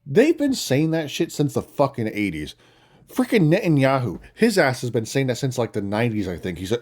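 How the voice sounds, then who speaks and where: A man's voice: mid-range voice, very animated, a little fast, warm tone. A young man ranting casually and bluntly into his phone, swearing often and making mocking asides. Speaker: commentator. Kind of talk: casual political rant.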